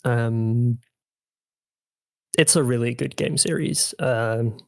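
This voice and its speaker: A man's voice: mid-range voice, takes it slowly, creaky, no echo, studio quality. A young man chatting on a podcast as returning guest host, rambling with many fillers. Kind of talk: casual podcast chat.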